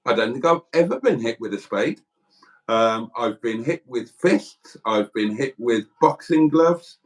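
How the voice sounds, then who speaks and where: A man's voice: medium pitch, lively intonation, measured pace. A middle-aged man from South Wales hosting a casual livestream, chatting in a rambling, self-deprecating way as he reads out viewer comments. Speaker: livestream host.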